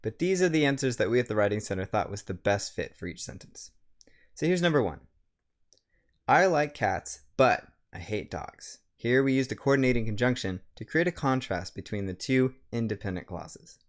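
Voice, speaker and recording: A writing center staff member gives a recorded grammar lecture, walking through it step by step and slowing down to read example sentences. His medium-pitched voice is animated.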